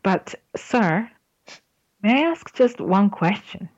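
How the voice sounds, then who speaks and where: A woman's voice: medium pitch, expressive, slow pace, dry recording, lo-fi sound, voice pushed up. A woman voicing a contrite talking male parrot that pleads politely for forgiveness, in her own everyday voice.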